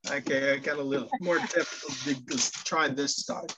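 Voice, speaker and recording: A man's voice: medium pitch, steady tone, moderate pace, noisy background. A male minister giving a sermon, telling jokes in a storyteller's way and often restarting his phrases. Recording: dull lo-fi sound.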